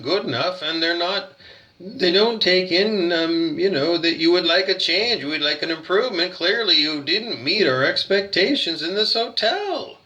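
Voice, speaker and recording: Brief: man, rambling complainer, high bright voice, swooping pitch. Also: moderate pace. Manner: animated complaining, rambling with restarts. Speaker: conference speaker. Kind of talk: casual rant.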